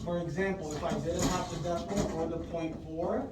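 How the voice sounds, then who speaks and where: A classroom teacher leading a math lesson, patiently repeating questions, checking with "right?", and calling on pupils by name with quick praise. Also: mid-range voice, fairly even intonation, very noisy. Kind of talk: fifth-grade math lesson. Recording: roomy classroom heard from a distance.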